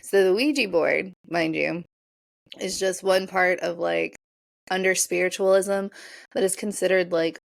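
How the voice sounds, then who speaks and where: A woman's voice: lowish voice, fairly even intonation, a little slow, creaky, no room sound. A woman co-hosting a casual podcast, giggling and rambling as she chats, sometimes tripping over her words. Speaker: podcast co-host. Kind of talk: casual chat.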